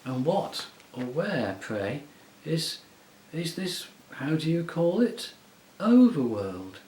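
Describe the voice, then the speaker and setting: A man puts on a soft, musical sorceress queen, soothing and mocking at once. The voice sits well above a man's usual pitch and lingers over each phrase. The room rings a little. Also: sing-song, slow, echoey room, low-quality recording. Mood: coaxing. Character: silky, coaxing enchantress queen, woman. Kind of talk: audiobook character voice.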